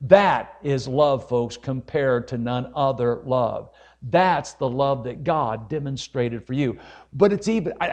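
A man's voice: a little high, a little mellow. A man preaching a sermon as an evangelist, fervent and folksy, often calling his listeners folks and rising to emphatic peaks. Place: church service.

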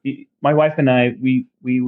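A man who works as a tattoo artist, a guest on a podcast, telling his story in a casual, halting way with many fillers and restarts. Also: mid-range voice, flat delivery, phone-quality sound. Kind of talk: casual conversational testimony.

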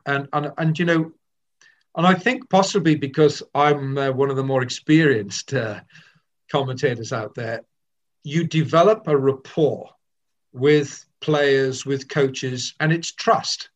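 A man's voice: mid-range voice, a little slow. An older man, a veteran sports broadcaster, telling self-deprecating stories in an interview. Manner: anecdotal and self-deprecating, with frequent restarts. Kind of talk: reflective interview storytelling. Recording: slightly dull lo-fi sound.

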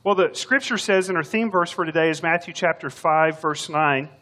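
A man's voice: on the high side, moderate pace, bright, forceful tone. Folksy older man preaching. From Texas. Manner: folksy, joking storyteller. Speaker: substitute preacher. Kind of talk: sermon.

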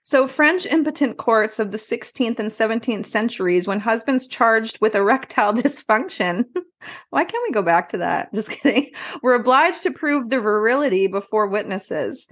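A woman's voice: fairly high pitch, animated, moderate pace. A woman co-hosting a casual podcast, loose and wisecracking, laughing as she reads her notes. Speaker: podcast co-host.

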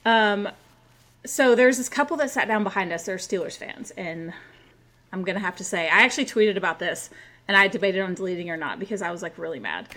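A woman in her forties telling a story in casual podcast chat, rowdy and animated, with plenty of asides. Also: medium pitch. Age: 40s. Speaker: podcast co-host.

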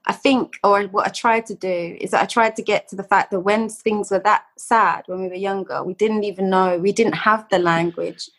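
A woman's voice: medium pitch, steady tone, normal speed, hardly any pauses, a bit bright. A woman, a poet guest reading her work in a blunt, slangy voice and then chatting casually. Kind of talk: poetry reading and casual chat.

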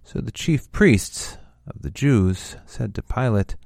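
A man reading a Gospel passage aloud in a measured, steady way. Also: fairly low pitch, vocal fry, dry recording, studio quality. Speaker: scripture reader.

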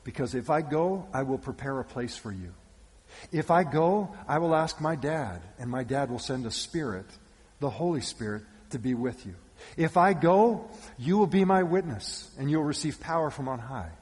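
A man preaching and voicing Jesus as a calm man who speaks with quiet authority, low, gentle and solemn. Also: normal speed, slightly rough. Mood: tender. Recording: long church reverb.

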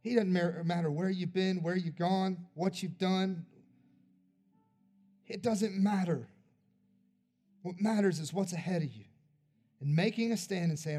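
A man preaching at a church service, his voice pitched a little high but warm and mellow in tone. He leads an altar call in an earnest, pleading way, then lifts into fervent spoken prayer. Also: a little slow, pauses often. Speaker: pastor.

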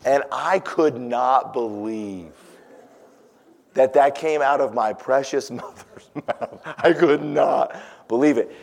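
A pastor telling a personal story in a sermon, animated, swinging from loud exclamations to hushed, tender passages. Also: male voice, on the high side, a little slow, vocal fry.

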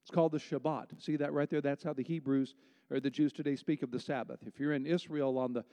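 A man's voice: mid-range voice, fairly even intonation, fast, warm tone. Man preaching in a reverberant hall. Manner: conversational, emphatic preaching with rhetorical questions. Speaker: pastor. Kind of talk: sermon.

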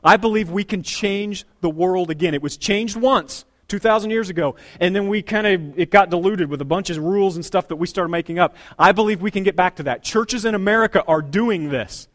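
Brief: middle-aged male pastor, high tenor voice, punchy preaching that drops low and rises loud. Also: fairly quick, few pauses. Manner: emphatic preaching with sudden loud and quiet turns. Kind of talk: sermon. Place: church sanctuary.

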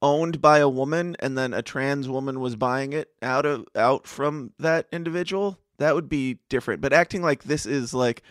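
Male podcast host, mid-pitched voice, dry close mic, rambling and hesitant. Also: normal speed, few pauses, no echo. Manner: rambling, hesitant, laughs often. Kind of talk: casual news commentary chat.

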